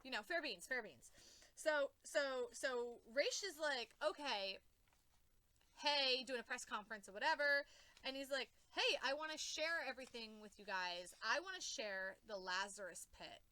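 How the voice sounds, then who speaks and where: A woman vlogger recapping a comic in a casual rambling way, excitable, swearing freely and acting out her own reactions. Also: high voice, measured pace.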